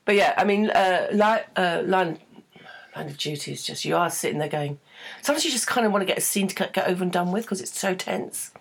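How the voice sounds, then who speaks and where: A woman and comedian co-hosting a podcast, chatting quickly, telling anecdotes and laughing often. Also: fairly low pitch, creaky, husky. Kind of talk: casual chat.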